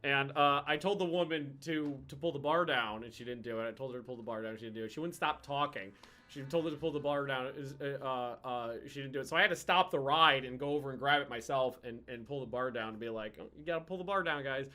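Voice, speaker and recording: A man hosting a gaming video, telling rambling, profane anecdotes in a casual, animated way. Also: mid-range voice, fast. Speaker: gaming channel host. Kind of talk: casual storytelling over gameplay.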